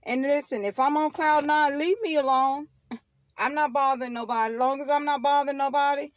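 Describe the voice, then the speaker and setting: Her voice is high and steady, moving a little quickly, with no echo in the recording. She's a middle-aged woman running a tarot channel, addressing viewers head-on in an informal monologue where she stresses her points, says things more than once, laughs a lot, and drifts into preachy remarks.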